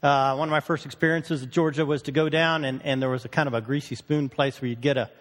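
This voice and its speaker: Fast-talking folksy man in echoing hall. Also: medium pitch, fairly even intonation, fairly bright tone. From northern United States. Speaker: research station cattle manager. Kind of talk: conference talk.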